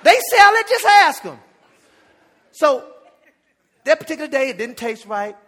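A man preaching with a high, bright voice. He tells a comic story from the pulpit, building to animated shouts. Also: a little slow. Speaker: pastor. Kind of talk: storytelling sermon.

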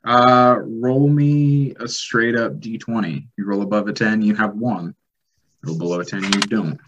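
A man acting as game master of a tabletop role-playing game, calmly explaining rules and the world. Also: lowish voice, unhurried, lo-fi sound.

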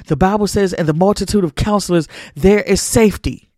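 Guy preaching to his listeners, repeats himself, mellow tone, no room echo. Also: high voice, brisk, clean studio sound. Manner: exhorting, repetitive, folksy Southern-church phrasing. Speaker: podcast host. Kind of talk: preachy motivational talk.

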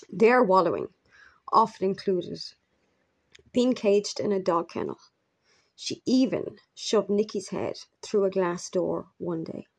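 A woman narrating a true crime story in a measured, grave manner with brief asides. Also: medium pitch, creaky, husky.

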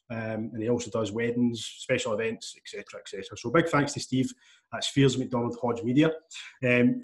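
Chatty friendly podcast host. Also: male voice, mid-range voice. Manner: friendly, chatty, says "mate" often. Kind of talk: casual podcast chat.

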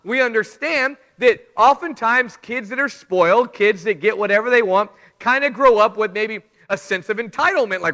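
A middle-aged man giving a church sermon with announcements, talking conversationally and telling stories with animated asides. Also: high-pitched, a little fast, hardly any pauses. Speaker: preacher. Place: church sanctuary. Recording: reverberant church hall.

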